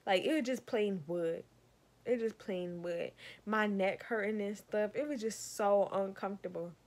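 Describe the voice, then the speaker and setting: Young woman, storytime vlogger, exasperated, lively delivery, talks straight to the viewers. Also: medium pitch, moderate pace. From Savannah, Georgia. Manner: animated, exasperated, addresses viewers as y'all. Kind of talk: storytime rant.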